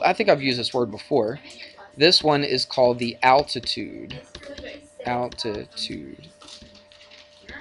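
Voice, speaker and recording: A man's voice: mid-range voice, a bit bright, slight background noise. A male math teacher lecturing a class in a classroom, chatty and jokey, bantering with his students.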